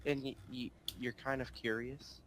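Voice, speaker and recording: A man's voice: mid-range voice, little pitch movement, normal speed, a bit bright. A man acting as game master, narrating a tabletop role-playing game in a loose, casual way.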